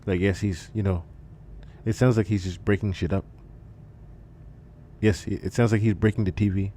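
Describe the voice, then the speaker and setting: Man putting on a deeper, flat, unbothered hotel manager on a phone call, livestream impression. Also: slight background noise, lightly acted. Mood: calm. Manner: flat, subdued, unhurried. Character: calm male hotel manager on emergency call.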